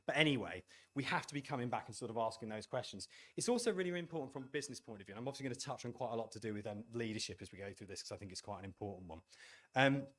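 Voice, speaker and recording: A middle-aged man who runs a game studio gives a talk to an audience, animated and self-deprecating, acting out the remarks he quotes. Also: mid-range voice, rapid-fire.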